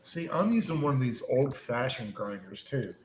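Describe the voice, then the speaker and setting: An easygoing man chats along, agreeable and quick to affirm. His voice carries a noticeable room echo with a faint background hum. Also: mid-range voice, expressive, a little mellow. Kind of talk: casual chat.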